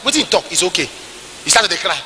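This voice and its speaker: A man with a Nigerian English accent preaching a sermon at a church service, moving between quiet asides and shouted, sing-song passages. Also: sits high, sing-song, fast talker, long reverb tail, a little hiss or hum. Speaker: pastor.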